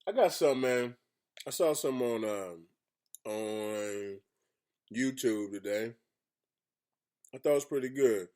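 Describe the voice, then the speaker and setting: Laid-back stammering radio co-host. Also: male voice, mid-range voice, measured pace, pauses often, dark tone. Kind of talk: casual chat.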